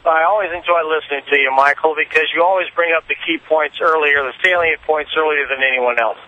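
A man's voice: a little high, a little fast, dry recording. A male caller on a radio show speaking earnestly, often stumbling and repeating words. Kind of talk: call-in radio talk. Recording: muffled phone line.

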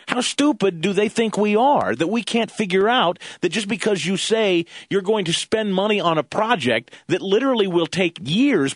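A man's voice: high voice, no echo, clean studio sound. A man filling in as a radio talk show host, ranting with fiery sarcasm about politics and the media.

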